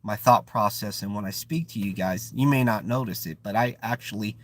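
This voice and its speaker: A channel host with a lowish voice and a brisk pace runs a casual live-stream chat. He has a Bay Area accent, English isn't his first language, and he often pauses to hunt for words, restarting and using fillers.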